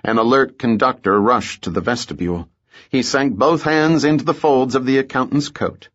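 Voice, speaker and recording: A man narrating an audiobook in a measured, steady storytelling manner. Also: mid-range voice, highs cut off. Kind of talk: scripted narration.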